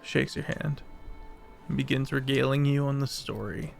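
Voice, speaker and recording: A woman narrating as game master, playful and quick to laugh. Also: a bass voice, gravelly, soft background music.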